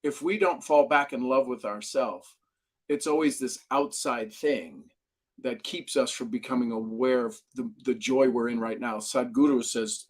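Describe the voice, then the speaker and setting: A man's voice: mid-range voice, a little slow. A middle-aged man speaking as an expert guest in an interview, telling stories with energy. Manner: animated storyteller who acts out quoted dialogue. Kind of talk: interview conversation.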